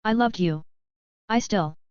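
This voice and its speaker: A woman's voice: mid-range voice, measured pace, darkish tone, clean tone, dry recording, dull audio, natural voice. A woman reading a guilt-ridden young warrior who speaks with remorse and pleads. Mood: pleading.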